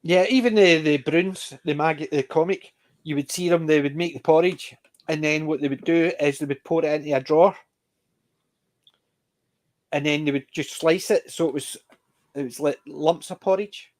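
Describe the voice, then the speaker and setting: A man's voice: a little high, fairly even intonation, normal speed. Rambling Scottish man hosting a chat. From Scotland. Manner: rambling storyteller, frequent restarts. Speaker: panel host. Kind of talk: casual panel chat.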